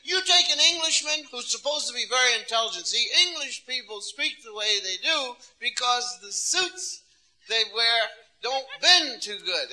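A man doing live stand-up comedy, telling stories in an animated, playful way. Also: very high voice, slight background noise, poor audio.

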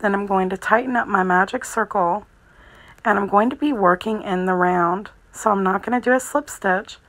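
A woman giving a calm, methodical crochet tutorial, narrating each step as she works. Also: medium pitch, moderate pace, rough recording. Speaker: crochet instructor.

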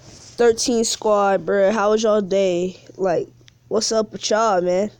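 Streaming a mobile game from her phone, this woman speaks slowly with a medium-pitched, steady voice that's a little mellow, clear, and resonant, with no room sound. She chats casually in slang, addressing viewers as "bro" and "man" and complaining whinily about the lag.

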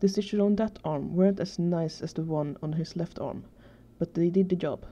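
A woman reading fan fiction aloud in a steady, even way. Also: on the low side, moderate pace, few pauses. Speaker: fanfiction reader. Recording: dull lo-fi recording.

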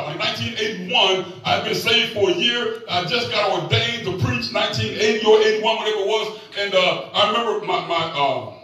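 A man in his sixties preaches in an animated, folksy way, telling jokes and stories. His voice sits high, and it reaches the mic from far off through a very echoey church hall with faint music behind. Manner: animated, folksy, joking storyteller. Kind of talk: sermon with call-and-response. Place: church sanctuary.

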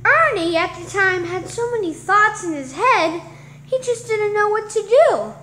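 A woman's voice: very high-pitched, lively intonation, unhurried, pushed and bright, a little hiss or hum, voice pushed up, exaggerated voice. A woman voicing Batman, an earnest male cop who narrates a homemade mini movie in a melodramatic way. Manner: earnest, melodramatic, hums "dun dun" stings.

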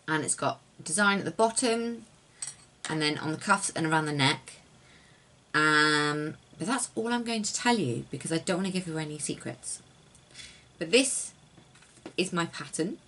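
A young woman in a casual knitting vlog, talking at home in a rambling, soft-spoken way that often sinks to near-whispers. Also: low voice. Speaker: knitting designer and yarn dyer. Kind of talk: casual chatty craft vlog.

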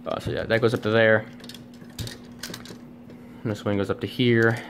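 A man's voice: lowish voice, little pitch movement, normal speed, slight background noise. A man reviewing a toy at home on camera, rambling and self-deprecating, with many fillers and restarts. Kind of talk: casual unscripted review. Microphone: camera on a tripod.

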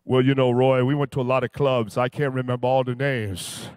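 Brief: man impersonating a towering sports star, deep and loud, slow deadpan drawl. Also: clear, resonant tone, dry recording, clean studio sound, close to an everyday voice. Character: huge laid-back basketball star, man, deadpan.

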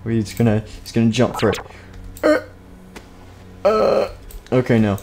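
A young man's mid-range, darkish voice, very animated and unhurried with vocal fry, narrates a game role-play on a live stream. He rambles, goofs around and keeps breaking off his own sentences, speaking into a desk microphone over a slight hiss or hum.

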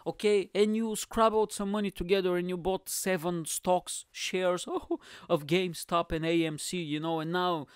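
A man's voice: sits high, normal speed, clean tone, dry recording, clean studio sound. Bulgarian-accented man doing comic monologue. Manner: animated storytelling, exaggerated asides. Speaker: podcast host. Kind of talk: comedic monologue.

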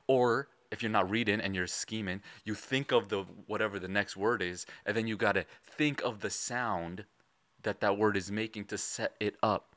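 A man's voice: lowish voice, pushed and bright, no echo. A man from Illinois giving casual reaction commentary, analytically breaking down rhyme schemes. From Illinois, USA. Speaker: reaction video host.

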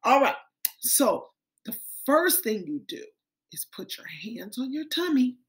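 A woman teacher speaking to little kids in a high voice. She takes her time, drawing out each step in a gentle, sing-song way. She calls her young listeners friends as she walks them through the lesson. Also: sing-song, a little slow. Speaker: kindergarten teacher. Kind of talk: social-emotional lesson for young children.

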